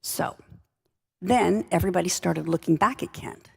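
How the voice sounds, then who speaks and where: Gravelly woman telling wry stories. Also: fairly low pitch, moderate pace. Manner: conversational, wry anecdotal delivery. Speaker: leadership speaker. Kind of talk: storytelling talk. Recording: long reverb of a large hall.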